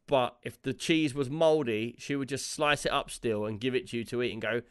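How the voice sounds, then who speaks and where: A man's voice: mid-range voice, a little fast, clear, resonant tone, no echo, clean studio sound. A man co-hosting a podcast, chatty and playful, acting out quoted lines in casual chat. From Britain. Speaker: podcast co-host.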